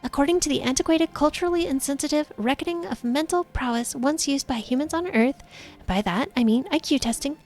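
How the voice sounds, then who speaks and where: A woman's voice: high-pitched, brisk, a little mellow, faint music behind, voice pushed up, close to an everyday voice. A woman voicing a smug, self-satisfied genius teenage girl who speaks precisely, in a story game.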